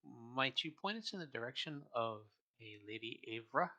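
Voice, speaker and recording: A man's voice: medium pitch, lively intonation, normal speed, sharp tone, highs cut off. A man playing a tabletop game, asking polite questions in character. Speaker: player. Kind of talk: tabletop role-play.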